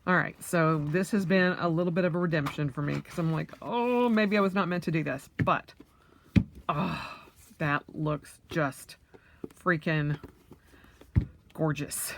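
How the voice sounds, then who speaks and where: A woman around forty talks through a casual unboxing at an unhurried pace, her voice a touch lower than most. She thinks aloud with plenty of fillers and breaks into excited squeals. A faint hiss of noise sits under the recording. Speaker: vlogger.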